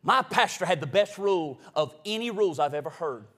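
A man delivers a sermon in a fairly high voice. He climbs to loud, high peaks and then sinks to low, intense murmurs. He calls out to the congregation and asks them to answer back. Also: lively intonation, brisk. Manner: call-and-response with the congregation. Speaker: preacher.

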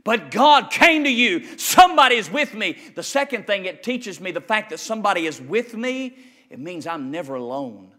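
A middle-aged man preaching a sermon in a church, swinging between folksy humor and dramatic shouts and low drops. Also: sing-song, moderate pace. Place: church sanctuary.

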